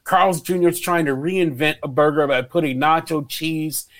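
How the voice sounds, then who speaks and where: Man, radio co-host, casual chat, fairly high voice, animated storyteller, swears freely. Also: moderate pace. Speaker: morning show co-host.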